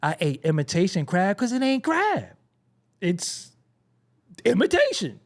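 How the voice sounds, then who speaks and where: A man's voice: high voice, a little slow. A man hosting a hip-hop commentary show, ranting in a casual, profane, comedic way with frequent laughter. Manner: profane, animated, laughing often, mocking imitations.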